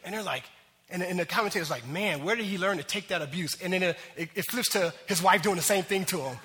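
A man preaching a sermon as pastor, animated and acting out voices as he talks. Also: high voice, quick pace, husky, big-room sound.

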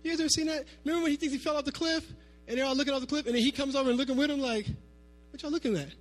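A man with a very high voice preaches a sermon, talking to the room like friends. He moves between hushed asides and loud, emphatic bursts, with faint music playing underneath. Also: racing. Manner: animated, swinging from soft asides to shouting. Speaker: pastor.

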